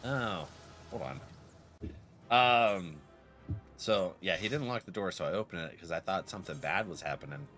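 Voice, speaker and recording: A man's voice: low voice, animated, moderate pace, pauses often, fairly bright tone, soft background music. A man in his thirties with a cold, streaming a game and rambling through stories with frequent laughter. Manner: rambling storyteller, laughs often. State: has a cold. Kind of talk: casual gaming stream chat.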